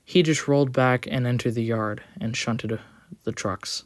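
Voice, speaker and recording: A storyteller reading an audio story aloud, expressive with the odd small slip. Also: mid-range voice, normal speed, dry recording, clean studio sound.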